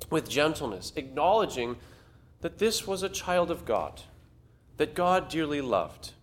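Animated, conversational male preacher. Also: mid-range voice, slight background noise. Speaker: pastor. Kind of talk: sermon.

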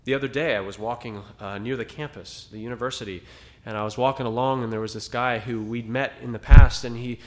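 A man's voice: mid-range voice, fairly even intonation, a little fast. A man preaching a sermon to a small congregation in a conversational style, rising to dramatic emphasis at times. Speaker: pastor.

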